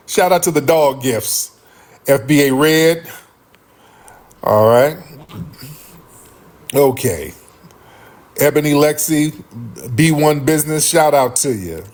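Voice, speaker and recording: A man hosting a live stream, talking casually with loud laughter and profane banter. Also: a little high. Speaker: livestream host.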